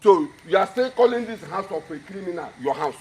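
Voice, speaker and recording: A man's voice: high voice, animated, fairly quick, a crowd in the background. An actor with a Nigerian accent playing a scheming, mocking man who orders a woman to pack her things. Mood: scornful. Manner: scornful, commanding. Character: scheming older male relative, mocking. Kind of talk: Nollywood film acting.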